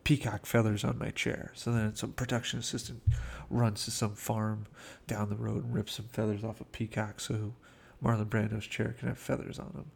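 A man's voice: on the low side, level tone, normal speed, creaky, few pauses, a little mellow, husky. A man casually telling behind-the-scenes film anecdotes in a chatty way, acting out quotes. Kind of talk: casual storytelling commentary.

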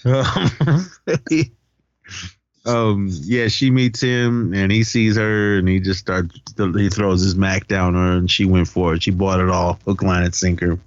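A man's voice: sits low, fairly even intonation, a little slow, no room sound, dull audio. A man co-hosting a podcast, recapping a film in casual chat and acting out lines in a raised voice. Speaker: podcast co-host.

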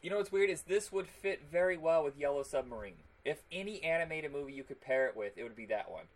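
Wry chatty man, slightly high voice. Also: lively intonation, quick pace, rough recording. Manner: wry, amused, reads aloud from notes. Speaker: podcast co-host. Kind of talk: casual chat.

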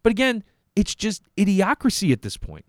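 Fired-up man, lively pitch. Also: moderate pace, dry recording, studio quality. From New York. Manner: profane, exasperated, sarcastic. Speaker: podcast host. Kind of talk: heated commentary on clips.

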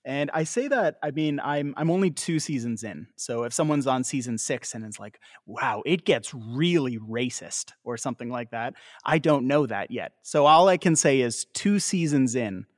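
A man's voice: mid-range voice, animated, normal speed, few pauses, no room sound, studio quality. A Canadian man co-hosting a podcast in casual chat. He laughs often and stumbles over his words. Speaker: podcast co-host.

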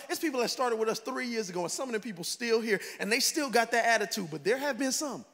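High, gravelly preaching man shouting. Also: expressive, quick pace. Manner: shouting, preachy, mimics congregants in comic voices. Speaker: pastor. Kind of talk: sermon. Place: large church hall. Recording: echoey church hall with faint ambience.

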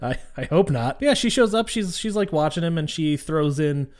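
A man's voice: on the high side, animated, moderate pace, darkish tone. A man co-hosting a podcast, recapping movie scenes loosely in casual chat and swearing often. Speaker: podcast co-host.

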